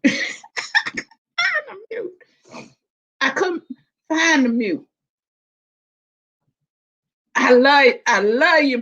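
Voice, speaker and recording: A woman talks casually on a live stream, animated and quick to laugh, drawing out her words at an unhurried pace. Her voice sits a little high for a woman. The audio is dull and lo-fi. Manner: animated, laughing, Southern-inflected slang.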